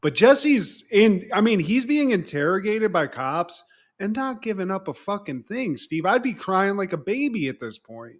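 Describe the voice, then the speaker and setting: Animated man recapping an episode. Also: high-pitched, moderate pace. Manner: animated, swearing, acts out characters' lines. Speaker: podcast co-host. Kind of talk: casual chat recapping a TV episode.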